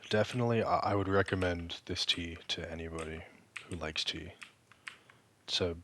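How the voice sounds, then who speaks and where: Deep-voiced man rambling over gameplay. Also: fairly even intonation, fairly bright tone. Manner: rambling, joking, self-deprecating; halting, frequent restarts. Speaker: gaming video creator. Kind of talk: casual gameplay commentary.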